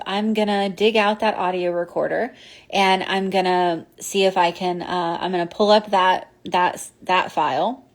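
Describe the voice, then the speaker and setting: A woman telling a personal ghost story in a casual, rambling way, full of fillers and restarts. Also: mid-range voice. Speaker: podcast host.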